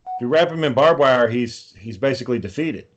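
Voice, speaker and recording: A man hosts a laid-back podcast and drifts through long, rambling anecdotes full of swearing. His voice sits at an ordinary middle pitch for a man, and he talks at an easy conversational pace. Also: expressive, brisk, dull audio. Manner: rambling, profane storytelling. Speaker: podcast host. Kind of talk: casual chat.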